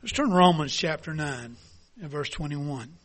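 A man preaching a sermon and reading a story aloud, in an earnest, deliberate way. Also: fairly high pitch, expressive, a bit bright.

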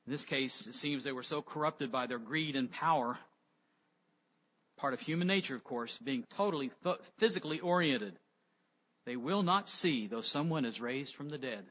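A man preaching a sermon, emphatic, rising loud on key words and dropping low on others. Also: moderate pace, husky. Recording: dull lo-fi sound with long reverb.

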